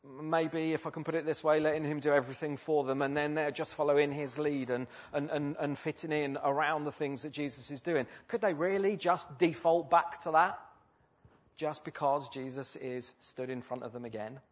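A man's voice: fairly high pitch, fairly even intonation, moderate pace. A man preaching a sermon in a conversational way, with many fillers and rhetorical questions. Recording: slightly dull lo-fi recording.

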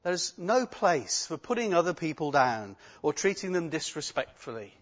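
Man preaching, raised pitch, muffled sound. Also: sing-song, moderate pace. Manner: earnest storytelling with asides. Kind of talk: sermon with scripture reading. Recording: dull lo-fi recording.

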